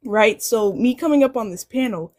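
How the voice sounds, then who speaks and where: A woman's voice: on the high side, expressive, moderate pace, a little mellow. A woman speaking as a guest on a live-stream panel, talking earnestly in a preachy way and repeating phrases for emphasis.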